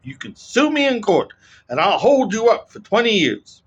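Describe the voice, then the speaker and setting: A man's voice: sits high, big pitch swings, normal speed, husky, dull audio, voice pushed up, full character voice. A man putting on a bossy Texan-accented tycoon. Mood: domineering. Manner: bossy, dismissive. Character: domineering older male tycoon, blunt.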